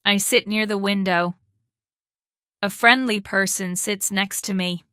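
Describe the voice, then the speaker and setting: A woman hosting a podcast, reading a slow English lesson in short, careful sentences. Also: mid-range voice, steady tone, pushed and bright, clear, resonant tone, no echo. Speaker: podcast host and English teacher.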